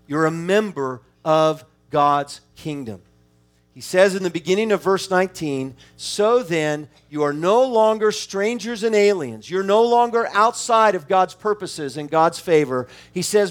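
A man's voice: high voice, a little slow, soft background music. A man preaching an expository sermon, reading scripture between points and building to emphatic exhortation. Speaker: pastor.

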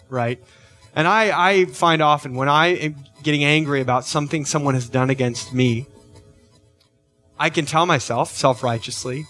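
A man's voice: medium pitch, a bit bright. A middle-aged man preaching a sermon as pastor, earnest, often checking in with "right?" and lifting his voice on key questions.

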